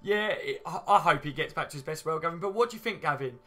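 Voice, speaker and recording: A man's voice: fairly high pitch, expressive, fast talker, bright, forceful tone. A man hosting a casual live stream, chatting and reading out viewer comments with easy banter. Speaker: fan channel host.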